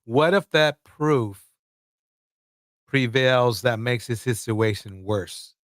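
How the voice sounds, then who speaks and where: A man's voice: medium pitch, slow, dry recording. A man hosts a live stream, teasing and laughing through casual commentary. His voice sits mid-range and the sound is dry and close. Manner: joking, mocking, laughs often.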